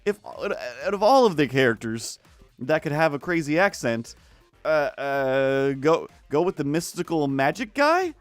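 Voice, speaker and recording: A man's voice: fairly high pitch, measured pace, no echo, soft background music. Rambling man on an art stream. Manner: rambling, full of fillers and restarts, jumps into silly voices. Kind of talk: casual chat while drawing.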